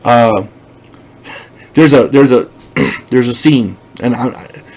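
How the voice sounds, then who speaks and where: An older man with a mid-range, slightly mellow and slightly rough voice reviews a TV series slowly and casually, full of blunt, emphatic opinions. He rambles, restarting often and repeating words, and the audio quality is poor.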